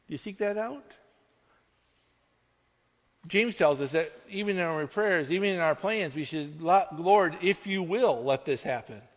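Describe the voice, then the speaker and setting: Here a man preaches as a pastor, earnest and conversational, frequently slipping in a quick "right?" to check in with his audience. His high-pitched voice is expressive, and the recording has a big-room sound.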